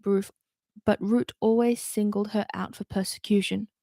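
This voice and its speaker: A woman reads a novel aloud at a middle pitch and adds chatty asides between the passages. The sound is close and dry. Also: fairly even intonation, moderate pace, creaky, mellow, dry recording. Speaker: reader. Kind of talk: reading a novel aloud with character voices.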